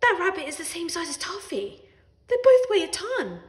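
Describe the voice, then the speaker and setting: A woman voicing a brisk, impatient mother who sounds sharp and exasperated. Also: very high voice, big pitch swings, pitched above the performer's own voice. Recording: roomy echo.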